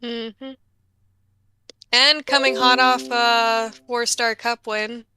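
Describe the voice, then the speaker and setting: Upbeat slow-talking woman, bright voice. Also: on the high side, level tone, smooth, no room sound. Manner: upbeat, laughs often. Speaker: draft show co-host. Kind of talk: casual draft commentary.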